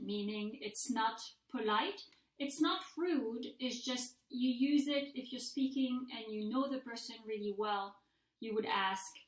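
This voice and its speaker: Slightly high-voiced woman teaching a language. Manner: patient, methodical, models example sentences aloud. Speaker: French language instructor. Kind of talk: recorded mini-lecture. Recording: echoey room.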